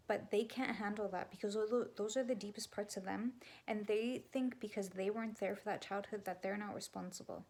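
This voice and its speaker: Young woman, gravelly, raw confessional vlog, blunt and sweary, slips into whispers. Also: medium pitch, fairly even intonation, a little fast, few pauses, darkish tone. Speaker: vlogger and spiritual coach. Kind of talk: candid confessional talk to camera.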